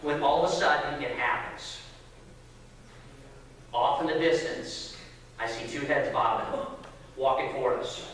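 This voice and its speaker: A man preaching, telling a family story with lively acted-out voices. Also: mid-range voice, unhurried, long pauses, a little hiss or hum. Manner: animated storyteller acting out voices. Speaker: pastor. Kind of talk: sermon storytelling. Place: church sanctuary. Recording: echoey hall from far off.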